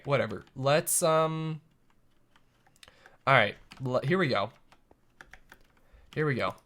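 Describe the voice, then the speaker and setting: A man's voice: medium pitch, fairly bright tone. Rambling young male game streamer. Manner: rambling self-talk with playful boop noises. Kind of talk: live gameplay commentary.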